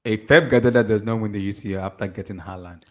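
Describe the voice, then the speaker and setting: A man's voice: fairly low pitch, quick pace. Ranting male football panelist. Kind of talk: casual football chat.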